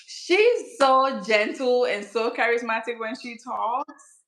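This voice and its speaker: A woman's voice: a little high, lively intonation, slow pace, fairly bright tone, echoey room, low-quality recording. A woman hosting a casual skincare channel chat, teasing her friend and laughing often.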